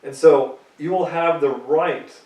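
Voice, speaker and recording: A man's voice: a little high, slow pace, darkish tone, echoey room, distant mic, rough recording. A man preaching a sermon, reading scripture aloud and pressing his points emphatically.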